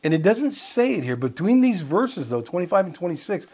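A man's voice: high-pitched, sing-song, a little fast, a little mellow. A middle-aged man preaching a sermon, explaining scripture and telling personal stories with quoted dialogue in a casual, conversational way. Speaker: pastor.

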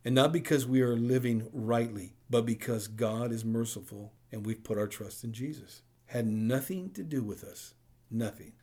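Mellow-voiced man preaching a sermon. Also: mid-range voice, moderate pace. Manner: conversational preaching with frequent rhetorical "right?". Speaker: pastor.

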